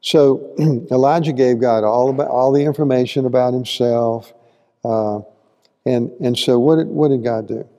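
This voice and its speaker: A man's voice: mid-range voice, fairly even intonation, a little slow, warm tone, in a large hall, dull audio. A man teaching a conversational Bible class, folksy and asking the listeners questions as he goes. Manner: folksy, asks the audience questions, acts out quotes. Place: church hall.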